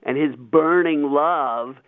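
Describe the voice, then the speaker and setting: A man with a fairly high voice hosts a radio talk show, breaking down scripture with animated emphasis. The sound is tinny and phone-like, and the room is dry. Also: slow pace, no room sound. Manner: animated, emphatic Bible teaching. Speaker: radio host. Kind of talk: Catholic radio talk, Bible discussion.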